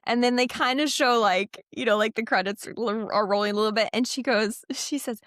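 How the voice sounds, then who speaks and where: Casual podcast co-host: woman, high lively voice, giggly storyteller, dry close sound. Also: normal speed, dry recording. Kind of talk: casual chat.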